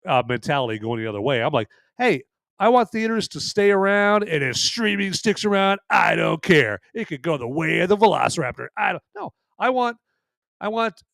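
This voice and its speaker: A man's voice: high-pitched, creaky, fairly bright tone, dry recording. Male podcast host, casual and joking, dry close-miked sound. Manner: rambling and jokey, tacks on "right there". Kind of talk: casual live podcast chat.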